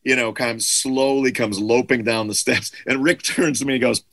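A man's voice: medium pitch, fairly even intonation, moderate pace, fairly bright tone, dry recording. A middle-aged man, a guest musician, telling a loose, rambling anecdote in a casual interview, full of "like" and restarts. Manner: loose storyteller with frequent "like" fillers.

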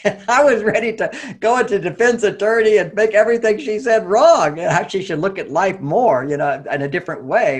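Middle-aged male therapist, animated storyteller; slightly high, husky voice with fry. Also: brisk. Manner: animated storytelling, acting out quotes. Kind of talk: storytelling talk.

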